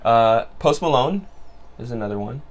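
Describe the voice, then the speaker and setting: A man co-hosting a podcast, chatting casually in an animated way and swearing freely. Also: mid-range voice, moderate pace. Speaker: podcast co-host. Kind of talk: casual chat.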